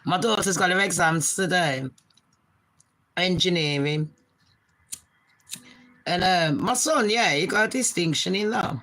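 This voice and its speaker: A British woman in her forties hosts a casual live stream from her bedroom, talking fast, swearing freely, and calling her viewers babes as she chats. Her voice is lowish and fairly bright, and the recording is rough.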